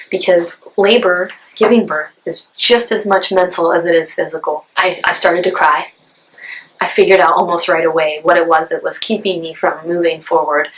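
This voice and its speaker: Woman in her 30s vlogging, heartfelt storytelling, a bit of vocal fry. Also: on the low side, steady tone, moderate pace, low-quality recording. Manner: heartfelt, emotional, with restarts and soft laughs. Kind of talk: personal storytelling to camera.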